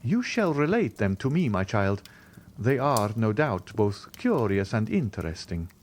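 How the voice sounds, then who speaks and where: A man's voice: lowish voice, big pitch swings, a little slow, a little mellow, slight background noise. A man voicing a suave, mysterious wealthy count in an audiobook, with formal, courtly phrasing.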